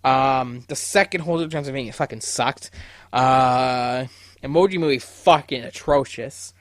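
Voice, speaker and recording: A young man hosting his own podcast, venting in a loose, profanity-heavy rant. He often stumbles and restarts his sentences. His voice sits at an ordinary pitch, recorded dry and close. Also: a little slow, dry recording. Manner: heavy swearing, stammering restarts. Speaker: podcast host. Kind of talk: casual solo podcast rant.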